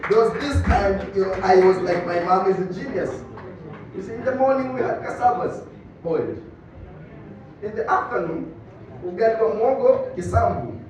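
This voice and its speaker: A man with a Tanzanian accent doing a stand-up comedy routine, telling animated stories and slipping into Swahili. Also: high voice, moderate pace, a little hiss or hum. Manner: animated storytelling, switching between English and Swahili. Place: comedy club stage. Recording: echoey distant muffled club recording.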